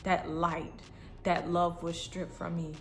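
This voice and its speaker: A woman's voice: fairly low pitch, level tone, takes it slowly. A woman telling an emotional personal faith story to her viewers in an earnest, repetitive way. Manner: earnest, repetitive, breaks into tears and laughs. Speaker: faith vlogger.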